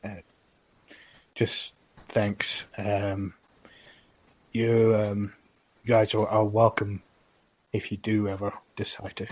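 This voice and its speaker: A man voicing a timid young male mage who speaks haltingly and quietly. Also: fairly low pitch, level tone, poor audio. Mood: subdued. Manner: hesitant, halting.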